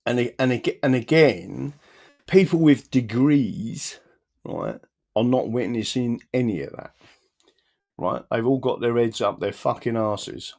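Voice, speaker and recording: Blunt gravelly man. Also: medium pitch, measured pace, darkish tone. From London, England. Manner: blunt, rambling, many restarts. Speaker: livestream host. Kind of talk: live stream, reading out viewer comments.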